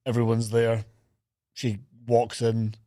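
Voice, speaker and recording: A man chatting on a podcast, retelling a film scene by scene and throwing in quick voices for the characters. His delivery is animated and full of laughter. The recording is close and dry. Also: medium pitch, no room sound. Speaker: podcast co-host. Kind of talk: casual chat recapping a film.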